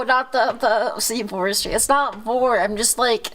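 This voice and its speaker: A woman's voice: fairly high pitch, unhurried, fairly bright tone. Stuffy, rambling woman streamer. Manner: rambling, playful, swears a lot. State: congested from a cold. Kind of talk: casual chat.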